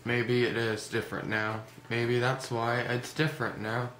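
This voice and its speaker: A man's voice: mid-range voice, completely flat delivery, measured pace, a bit bright. Goofy rambling male vlogger, echoey room. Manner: rambling, joking, mock-serious. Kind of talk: goofy comedic monologue. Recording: echoey room with background noise.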